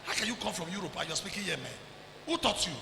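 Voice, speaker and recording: A man preaching a sermon as pastor, loud and emphatic, often shouting and slipping into Pidgin. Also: sits high, expressive, fast talker, creaky, roomy sound, long reverb tail, slight background noise, rough recording. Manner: preaching loudly with frequent shouts and Pidgin asides.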